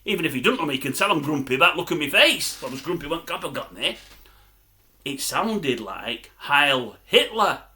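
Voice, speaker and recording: An older man rambles through a grumbling story to camera. His voice sits fairly high and swings widely in pitch. The tone is sharp and piercing. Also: very animated, brisk. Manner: grumbling, chatty storytelling with repeated phrases. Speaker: vlogger.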